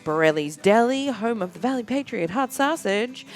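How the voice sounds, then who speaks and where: A woman's voice: fairly high pitch, animated, moderate pace, faint music behind. A woman co-hosting a podcast, reading the sponsor list in an upbeat, chatty way. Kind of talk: casual sponsor read.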